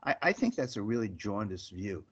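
A man's voice: fairly low pitch, big pitch swings, normal speed, fairly bright tone, breathy edge. Emphatic male host, dull lo-fi sound. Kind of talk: interview hosting, political commentary.

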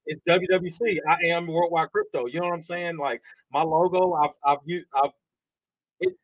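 A man's voice: a little high, no room sound, rough recording. A man hosting a podcast in casual chat, often restarting and repeating words as he goes. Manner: halting, repeats words while he finds his thought. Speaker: podcast host.

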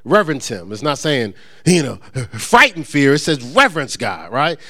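A male pastor preaching a conversational sermon, joking with the congregation and stumbling into quick repeats and restarts. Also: mid-range voice. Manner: lively, joking asides to the congregation.

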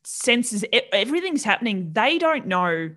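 A woman hosts a casual podcast and reacts easily, laughing often. She keeps the talk light with quick asides and friendly questions. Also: a little high, sing-song, fairly bright tone. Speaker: podcast host.

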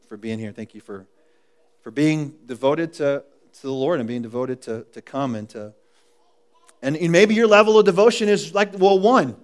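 Male pastor, slightly higher voice, relaxed joking sermon delivery in a church room. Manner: casual, joking, with frequent restarts and laughs.

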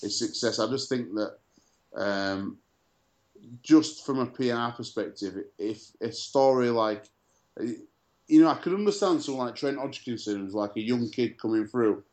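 A man's voice: mid-range voice, normal speed, darkish tone. A man co-hosting a casual sports chat show, telling stories full of fillers and restarts. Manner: chatty storyteller, many fillers and restarts. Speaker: podcast co-host.

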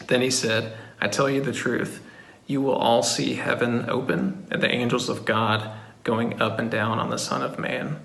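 A man reading a passage of scripture aloud in a steady, measured way. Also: mid-range voice, vocal fry. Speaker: scripture reader. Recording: echoey room.

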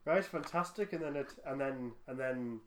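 A man co-hosting a casual podcast, animated and often laughing, breaking off and restarting his sentences. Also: medium pitch, normal speed, a little hiss or hum. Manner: laughing, animated, self-interrupting. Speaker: podcast co-host. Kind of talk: casual fan podcast chat.

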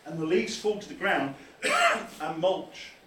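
A man preaching a lively sermon as pastor, acting out quoted voices as he goes. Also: a little high, slow pace, slight background noise. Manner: animated, acts out quoted voices. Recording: echoey room from far off.

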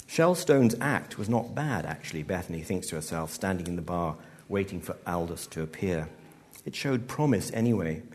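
A man reads his own short story to a live audience. His delivery is measured and dry, and his voice sits on the low side. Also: expressive. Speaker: author. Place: live event venue.

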